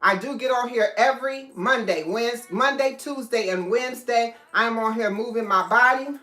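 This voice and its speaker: A woman's voice: fairly high pitch, moderate pace, bright, forceful tone. A woman hosting a casual live stream, chatting with viewers and greeting them by name. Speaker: livestream host. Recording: echoey room, faint music.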